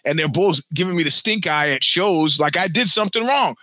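A man's voice: a little high, lively intonation, brisk, sharp tone, no room sound. A man around sixty, a podcast host, telling a long personal story in a rambling, profane, self-mocking way.

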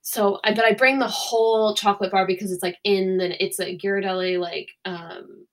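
A woman's voice: medium pitch, normal speed. A young woman co-hosting a podcast in casual chat, telling a story and acting out the quotes. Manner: animated storytelling, acts out quotes. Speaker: podcast co-host.

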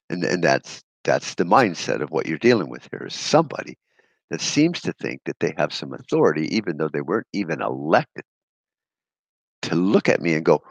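A man's voice: very deep voice, sing-song, normal speed, creaky, no room sound. A man hosting a solo podcast, ranting bluntly and sarcastically with frequent swearing. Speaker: podcast host.

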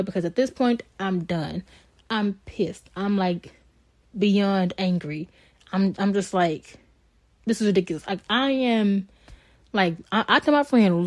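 A woman's voice: on the high side, no room sound. A young woman, bluntly and heatedly telling a story on a casual podcast, swearing freely. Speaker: podcast co-host.

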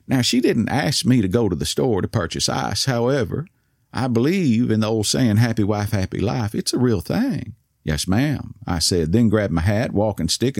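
A man with an East Texas accent telling a story in a soft voice whose words slur, courtly and wry. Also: fairly low pitch, vocal fry, no echo, studio quality. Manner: courtly, old-fashioned and wry. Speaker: podcast host. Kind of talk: storytelling monologue.

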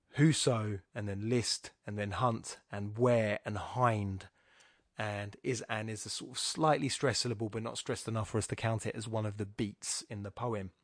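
A man talks through a sonnet in a loose, lecture-like way, stopping to correct himself and think aloud. His voice sits at an ordinary middle pitch. The recording is close and dry, with no room sound. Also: no echo. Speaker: poetry podcast host. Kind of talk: informal spoken lecture on a sonnet.

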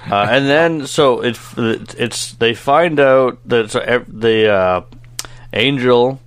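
A man's voice: mid-range voice, slow pace, clear, resonant tone. A man co-hosting a casual cartoon review podcast, joking, rambling and laughing often. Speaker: podcast co-host.

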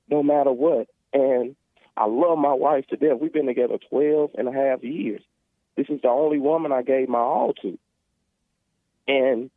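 A man's voice: medium pitch, fairly even intonation, moderate pace, dry recording. Earnest man on a tinny phone line. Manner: earnest, preachy, rambling with restarts. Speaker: caller. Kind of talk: emotional phone call to a talk show.

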